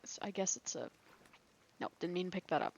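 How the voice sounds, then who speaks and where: A woman's voice: lowish voice, expressive, brisk, gravelly, dull audio, slight background noise. A woman playing a survival game and thinking aloud, chatty and rambling, laughing often. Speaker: gaming video creator. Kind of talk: thinking aloud during gameplay.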